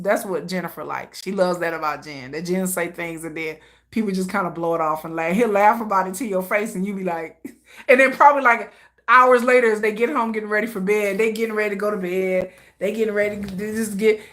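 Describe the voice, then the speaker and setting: Bright, chatty woman livestreamer. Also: mid-range voice, fairly quick. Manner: chatty, laughs often, animated asides; slangy, conversational. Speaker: livestream host. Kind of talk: casual livestream chat.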